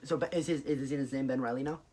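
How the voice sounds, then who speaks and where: Man reacting with quick questions. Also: medium pitch, fairly even intonation, darkish tone. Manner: reacts with short exclamations and questions. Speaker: podcast co-host. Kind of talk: casual chat.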